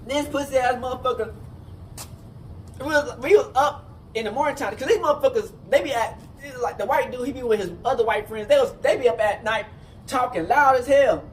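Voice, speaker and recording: A man casually telling a rambling, profane story, full of fillers and restarts. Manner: rambling, animated, profane, repeats "you know what I'm saying". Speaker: storyteller recounting a jail fight. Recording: distant mic with faint rumble.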